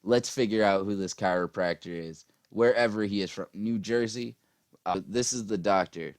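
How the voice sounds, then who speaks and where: A man's voice: fairly low pitch, moderate pace, dry recording, clean studio sound. A man ranting casually about politics, profane and rambling with lots of fillers, tired after a long day. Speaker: political commentary vlogger.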